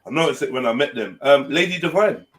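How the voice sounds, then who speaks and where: A man's voice: medium pitch, lively intonation, fast, recorded from a distance. A man gossiping animatedly in a casual group chat. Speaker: panel guest.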